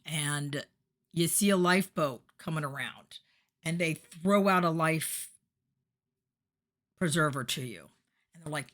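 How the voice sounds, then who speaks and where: Woman, podcast host, lower voice, animated storytelling, plays out quoted voices. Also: unhurried, long pauses. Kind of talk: motivational monologue on addiction recovery.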